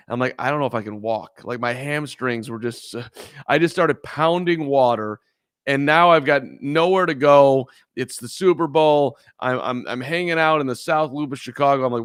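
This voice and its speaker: A man's voice: a little high, moderate pace, clear, resonant tone, dry recording, studio quality. A man co-hosting a casual sports podcast, telling a rambling story with lots of restarts. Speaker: podcast co-host. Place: in Chicago.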